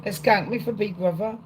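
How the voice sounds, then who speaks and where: An excitable woman rants to her live chat in a loose, rambling way, peppering everything with swearing. Her voice sits in an ordinary middle pitch. She jumps from point to point, addressing her viewers directly. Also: background noise. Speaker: livestream host. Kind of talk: casual rant to a live chat.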